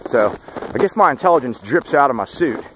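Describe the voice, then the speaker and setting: A man in his late forties talks into the camera while out on a morning hike. His voice sits at a middle pitch, and his delivery is blunt and sarcastic. Passing traffic and outdoor noise are clearly audible behind him. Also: animated, brisk. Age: late 40s. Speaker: campaign volunteer vlogger. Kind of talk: casual spoken vlog update.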